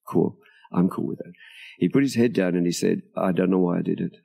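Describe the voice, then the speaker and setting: Older man, dark mellow tone, slightly husky, storytelling interview guest, recorded outdoors. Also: deep voice, fairly quick. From Australia. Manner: animated storyteller, acts out quoted dialogue, laughs often. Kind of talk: storytelling in conversation. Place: outdoors at a tropical home near a beach.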